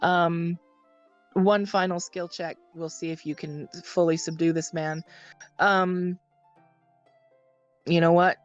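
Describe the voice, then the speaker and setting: A woman narrating as game master of a tabletop game, explaining calmly with frequent pauses and ums. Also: fairly low pitch, dull audio.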